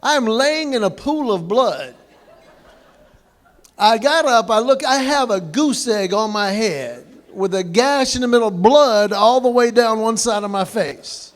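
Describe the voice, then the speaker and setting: A man giving a humorous speech at a banquet, telling stories and acting out the quotes. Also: very high-pitched. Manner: storytelling with acted quotes. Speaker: banquet speaker. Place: banquet hall, indoors.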